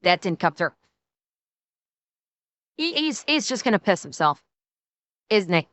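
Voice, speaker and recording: A woman's voice: medium pitch, sing-song, measured pace, a bit bright, dry recording. A woman streamer reacting to a video on a live stream, joking, swearing freely and laughing often. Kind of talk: casual live-stream commentary.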